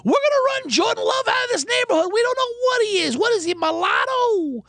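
A man putting on a cocky young braggart, shouting and drawing out his brags. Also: very high-pitched, very animated, vocal fry, pitched above the performer's own voice, full character voice. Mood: boastful. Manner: loud, drawn-out bragging, shouting. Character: brash young male Brooklyn braggart, cocky. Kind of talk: comedic impression.

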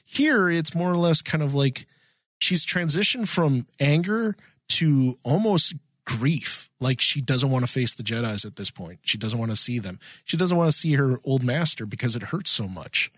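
A man co-hosting a podcast in a casual chat, excited and rambling with frequent restarts. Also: mid-range voice, moderate pace, no echo. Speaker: podcast co-host.

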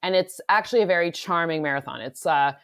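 Low-voiced woman, rambling football talk. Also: expressive, fairly bright tone, smooth, no echo, clean studio sound. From Michigan. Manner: fast, rambling, many restarts. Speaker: NFL analytics expert guest. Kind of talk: casual podcast chat.

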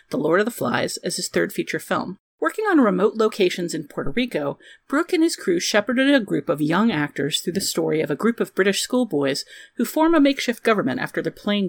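A woman co-hosting a podcast over a video call, reading a measured, scripted film introduction. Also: on the low side. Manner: measured, reading prepared notes. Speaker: podcast co-host. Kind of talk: scripted narration.

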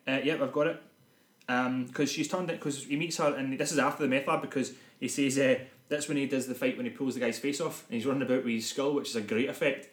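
Podcast guy, talks fast, rambly, roomy sound. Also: medium pitch, steady tone. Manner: rambling, self-correcting storytelling. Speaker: podcast co-host. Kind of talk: casual film-review chat. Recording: roomy echo.

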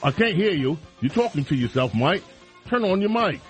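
A bouncy, exaggerated fake Australian voice, as a radio host puts it on, full of teasing jabs. The pitch leaps up and down as he ribs a coworker, with soft music faint behind. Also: sing-song, normal speed. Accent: put-on Australian. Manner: teasing, calling out to a colleague. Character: man faking a jokey Australian accent.

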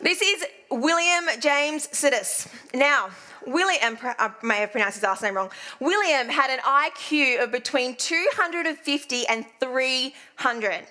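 A young Australian woman gives a sermon in a chatty, self-deprecating storytelling way. Her voice sits high and sounds bright and forceful. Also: expressive, unhurried. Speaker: preacher. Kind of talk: sermon with personal stories.

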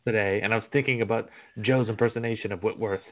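A man's voice: lowish voice, steady tone, fast. A man co-hosting a sports podcast, talking in a rambling way with lots of fillers. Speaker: podcast co-host. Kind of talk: casual chat. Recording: phone-like line.

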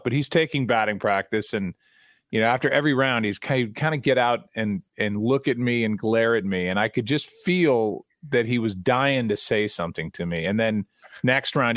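Middle-aged male broadcaster, mid-pitched, animated storyteller, dry close mic. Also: no room sound. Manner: animated, repeats words when starting sentences. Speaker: guest broadcaster. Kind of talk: casual storytelling.

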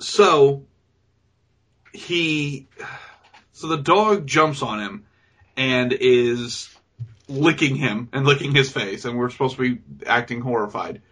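A man's voice: medium pitch, takes it slowly, long pauses, a bit bright, a little hiss or hum. A man co-hosting a casual movie review, sarcastically mocking scenes and acting out lines in goofy voices. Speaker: podcast co-host.

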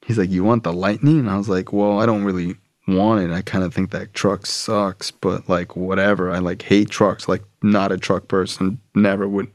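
A man's voice: sits low, moderate pace, hardly any pauses, no echo. A young adult man telling a personal story in casual, slangy talk, acting out the people he quotes. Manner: slangy, animated, acts out quoted voices.

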